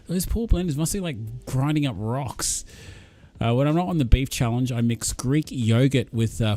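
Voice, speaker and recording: A man hosts a relaxed live-chat stream, reading out his viewers' messages. He talks at an ordinary pitch and encourages each viewer, while soft music plays quietly in the background. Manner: reads out viewer comments and cheers viewers on. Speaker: livestream host.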